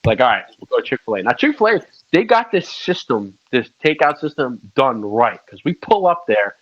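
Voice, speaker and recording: A man's voice: mid-range voice, sing-song, fairly quick, muffled recording. A man co-hosting a casual podcast, telling rambling stories and swearing often. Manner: swears a lot, rambling storyteller. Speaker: podcast co-host. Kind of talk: casual chat.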